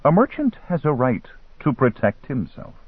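A man reading an audiobook, voicing a calm, scheming male merchant who works spells, smooth and quietly menacing. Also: mid-range voice, normal speed, no echo, voice pushed up. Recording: tinny phone-like line.

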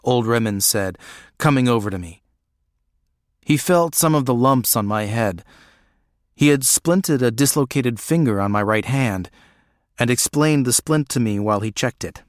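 A man narrating an audiobook in a measured, even way. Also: mid-range voice, dry recording, studio quality.

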